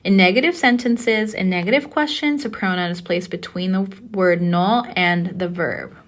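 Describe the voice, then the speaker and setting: Woman instructor, recorded lecture, patient and explanatory, mid-pitched. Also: moderate pace. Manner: patient, explanatory, checks in with "okay?". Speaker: Spanish teacher.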